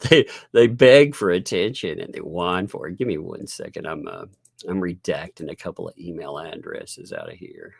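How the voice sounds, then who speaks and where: A man's voice: low voice, sing-song, normal speed, gravelly, a little mellow, husky, dry recording, clean studio sound. A man hosting a live-stream commentary, sarcastic and laughing often as he chats while working on his screen. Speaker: host.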